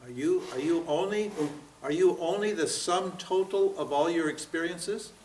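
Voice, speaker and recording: A man's voice: a little high, normal speed, a little mellow, slight background noise. A man in his seventies giving a spiritual seminar lecture, pressing his listeners with rhetorical questions and frequent "huh?" and "what?". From United States. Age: 70s. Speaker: spiritual teacher. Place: seminar room at a yoga center. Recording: roomy, from far off.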